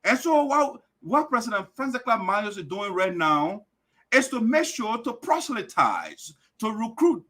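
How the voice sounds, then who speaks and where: Man, Liberian accent, high-pitched, political commentary, forceful and repetitive, show host. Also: very animated, measured pace. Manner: forceful, repetitive, rising to shouts.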